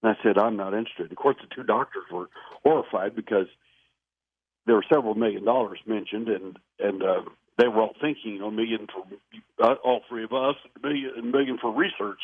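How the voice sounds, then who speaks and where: Low-voiced male interview guest calling in on a dry, phone-like line; earnest, emphatic storyteller. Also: fairly quick, breathy edge, no room sound. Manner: earnest, emphatic anecdotal telling.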